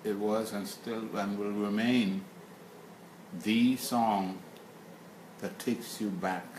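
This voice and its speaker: An older man with a Bahamian accent, a guest singer talking in a casual interview and often halting and repeating words. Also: fairly low pitch, steady tone, darkish tone. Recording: echoey room with clear noise.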